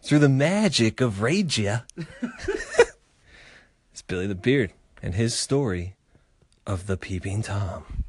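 Animated, profane storytelling man. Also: fairly low pitch, slow pace, long pauses, husky. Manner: animated, profane, acts out voices while telling stories. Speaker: podcast host. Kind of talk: casual storytelling chat.

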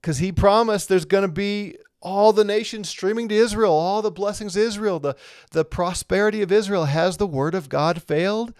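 A man's voice: high-pitched, moderate pace, a little mellow, smooth, no echo, clean studio sound. A man teaching a live Bible lesson, talking through scripture conversationally and reading viewer comments aloud.

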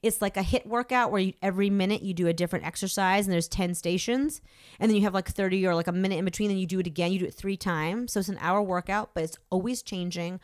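A woman's voice: mid-range voice, fast talker, no echo, clean studio sound. A woman in her thirties, an actor, chatting casually and self-deprecatingly, with lots of "like" fillers. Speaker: actor and podcast guest. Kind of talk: casual chat.

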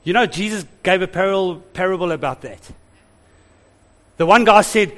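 A man preaching a sermon as pastor, animated, laughing and calling out to the congregation. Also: sits high, moderate pace, long pauses.

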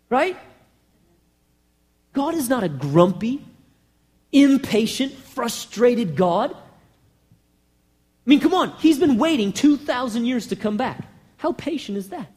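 A man preaching with a strikingly high voice and a lively, swooping pitch. He drives his points home with rhetorical questions and passion. He swings from loud, urgent bursts down to hushed, intimate lines. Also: normal speed. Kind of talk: sermon.

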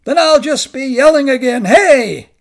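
A man voicing a bold, mischievous older Zen monk who teases and shouts commands. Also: high-pitched, animated, slow pace, creaky, slightly rough, exaggerated voice. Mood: shouting. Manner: loud, teasing, commanding shouts.

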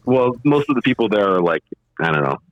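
A man's voice: on the low side, quick pace, no room sound. A man in casual chat, telling rambling anecdotes and acting out what other people said. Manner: rambling anecdotes with lively acted-out quotes. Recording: dull lo-fi audio.

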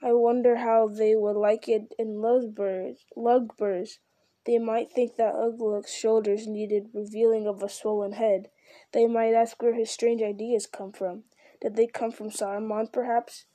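A woman voicing a treacherous male orc who sneers in a soft, oily, menacing way in a storybook reading. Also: a little high, flat delivery, a little slow, dry recording, close to an everyday voice. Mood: scornful. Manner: sneering, oily, softer than the others.

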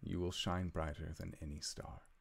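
A man voicing a gentle, proud old father. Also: sits low, little pitch movement, normal speed, creaky, slightly rough, heavily acted. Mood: tender. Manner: tender, solemn.

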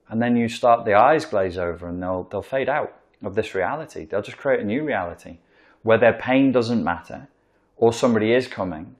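Lowish-voiced man explaining things casually. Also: fairly quick. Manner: rambling and emphatic, acting out examples. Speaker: commentator explaining narcissism.

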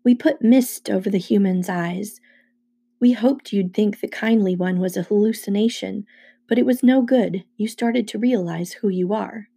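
A woman's voice: medium pitch, moderate pace, vocal fry, dark tone, husky. A woman voicing a jittery teenage satyr boy, half goat, who blurts things out defensively. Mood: uneasy.

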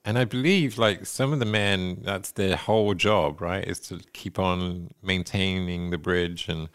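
A man co-hosting a podcast in relaxed casual chat, often agreeing. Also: sits low, a little slow, clear, resonant tone. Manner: relaxed, many backchannel agreements. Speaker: podcast co-host.

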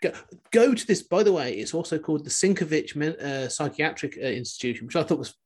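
A man's voice: a little high, expressive, quick pace. A man hosting a podcast in a casual chat, rambling and restarting his sentences with the odd chuckle. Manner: rambling, self-interrupting, chuckling. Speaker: podcast host.

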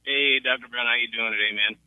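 A man's voice: medium pitch, steady tone, quick pace, clear, resonant tone, no echo. A man from South Carolina calling in to a radio show, friendly and casual. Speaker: caller. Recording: tinny phone line.

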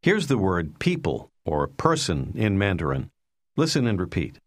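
A man narrating a language lesson in scripted instructional style, calmly prompting the listener to repeat. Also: sits low, moderate pace. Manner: calm, patient, prompting the listener.

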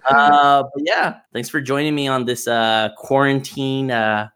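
A man's voice: mid-range voice, steady tone, unhurried, fairly bright tone, smooth, low-quality recording. A young man hosting a casual podcast over a voice call, telling a story with plenty of laughter and swearing. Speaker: podcast host. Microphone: remote call mic.

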